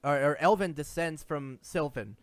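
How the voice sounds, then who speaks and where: A man's voice: on the high side, normal speed. A man running a tabletop game as game master, describing scenes in a chatty, casually profane way with many restarts.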